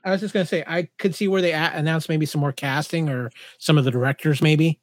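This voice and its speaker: A man's voice: fairly high pitch, fairly even intonation, quick pace, no echo. A man co-hosting a casual podcast chat, eager and stammering on his restarts. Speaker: podcast co-host.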